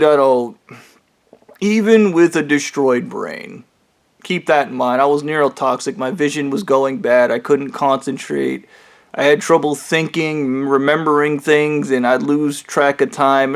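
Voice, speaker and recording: A man's voice: medium pitch, unhurried, vocal fry. A man talking straight to the camera in a rambling personal monologue, ranting in an agitated, profane way and often restarting his sentences. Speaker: vlogger.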